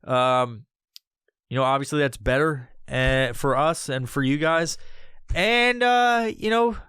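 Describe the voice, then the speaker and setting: A man's voice: medium pitch, slow pace, fairly bright tone, smooth, dry recording, studio quality. A man hosting his own podcast alone, rambling off the cuff in a casual, heavily profane monologue. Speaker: podcast host.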